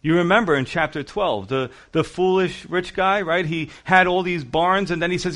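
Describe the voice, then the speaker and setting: A man's voice: sits high, normal speed, hardly any pauses, fairly bright tone. A man preaching a sermon, acting out the Bible characters as he quotes them. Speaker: pastor.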